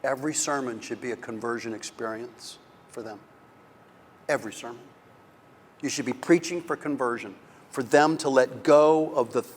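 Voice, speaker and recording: Male conference speaker, mid pitch, animated storyteller, long hall reverb. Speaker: conference lecturer on preaching. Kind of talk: conference lecture.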